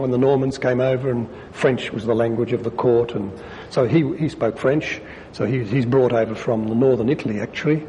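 A man, a priest giving a conversational sermon with wry asides, reading quotations aloud and rising in pitch for emphasis. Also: mellow. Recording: long hall reverb, faint low rumble.

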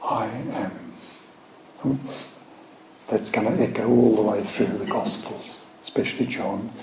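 A man teaching from the Bible, reading scripture aloud slowly with emphatic stress and explaining it. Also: fairly low pitch, steady tone, darkish tone. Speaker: preacher. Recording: echoey room, faint background noise.

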